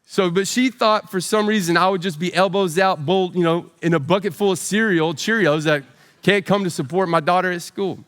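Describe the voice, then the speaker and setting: Forty-ish preacher guy cracking jokes about himself, kinda high voice, lots of hall echo. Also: fairly quick. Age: 40s. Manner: self-deprecating humor with big animated voices for quotes. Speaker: pastor. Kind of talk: storytelling sermon.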